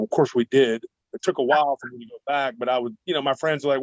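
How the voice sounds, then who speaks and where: A man telling a long personal story as a guest in an interview, animated and rambling. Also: medium pitch, fast talker, hardly any pauses, dry recording. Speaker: guest cryptid researcher. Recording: dull dry remote recording.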